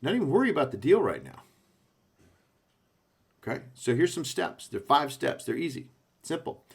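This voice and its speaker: Guy giving a sales training talk, medium pitch, punchy, keeps asking okay?. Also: wildly swooping pitch, normal speed, slightly rough. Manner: punchy, coaching, frequent "okay?" check-ins.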